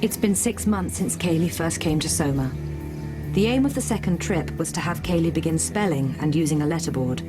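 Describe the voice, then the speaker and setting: A woman giving a calm, measured documentary voice-over narration. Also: low-pitched. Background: music.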